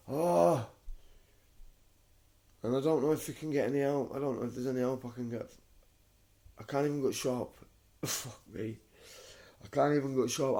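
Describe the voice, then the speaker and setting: Feverish man with a mellow voice. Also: medium pitch. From United Kingdom. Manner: repetitive, keeps calling the listener mate. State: feverish and shivering. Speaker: vlogger. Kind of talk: rambling home video monologue. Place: his home.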